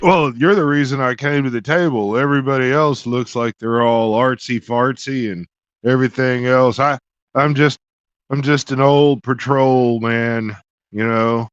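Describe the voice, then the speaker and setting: A man's voice: mid-range voice, fairly even intonation, unhurried, clean tone, no room sound. A man playing in a tabletop game, talking in a folksy, plain-spoken way. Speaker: player. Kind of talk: casual chat in character. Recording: dull, dry lo-fi mic.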